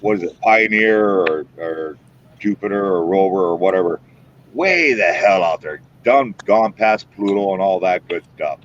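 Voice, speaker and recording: A man's voice: sits low, unhurried, slight background noise. A man hosting a live stream in a casual, folksy and emphatic way. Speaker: paranormal show host. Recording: muffled lo-fi stream audio.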